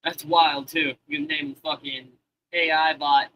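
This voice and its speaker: A man in his thirties hosting a live stream, talking loosely to his chat with constant swearing. His voice sits a little high and sounds very bright and forceful. He rambles, restarts and trails off as he goes. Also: level tone, takes it slowly, rough recording. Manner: profane, rambling, talks to chat.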